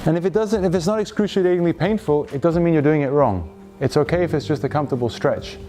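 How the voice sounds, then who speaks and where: A man guiding a group through slow shoulder stretches and breathing, calm and instructive, often checking in with questions. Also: on the high side, faint music behind. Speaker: movement coach.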